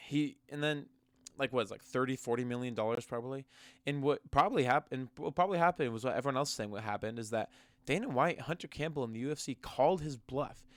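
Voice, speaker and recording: A young MMA commentary vlogger rants casually to camera about combat sports, profane, mocking and heated. He talks quickly at medium pitch, with no room sound.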